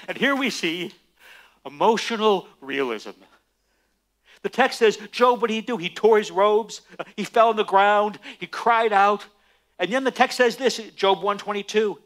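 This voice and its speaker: A man, a Messianic rabbi, preaching a sermon emphatically and slowing down for stress on key lines. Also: high-pitched. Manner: emphatic, animated preaching with dramatic slowdowns.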